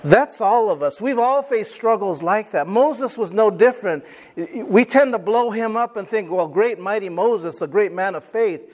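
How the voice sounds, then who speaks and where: High-voiced preacher acting out scripture. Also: male voice, moderate pace. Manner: animated, acts out quoted voices; call and response with congregation. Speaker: pastor. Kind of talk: sermon.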